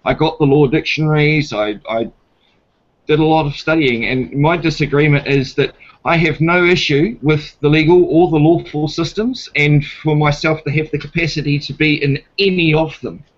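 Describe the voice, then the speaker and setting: This is a man with a New Zealand accent, blunt and given to swearing, and his voice sits somewhat high for a man. He is caught on dull, lo-fi audio. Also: moderate pace. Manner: blunt, swearing, retells a police stop acting out both sides. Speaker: guest. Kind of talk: casual debate chat.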